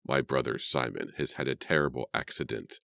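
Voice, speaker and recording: A man voicing a deranged older man with a rifle, hoarse and muttering, lower and quieter than his narration. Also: expressive, normal speed, no room sound, clean studio sound, full character voice. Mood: distraught. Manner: muttering, snarling.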